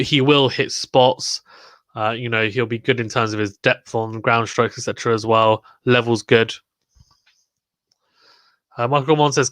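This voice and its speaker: British male stream host, chatty and rambling, mid-pitched voice, dry close sound, live watchalong commentary. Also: fairly bright tone, no echo. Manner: chatty, rambling, reads viewer comments aloud.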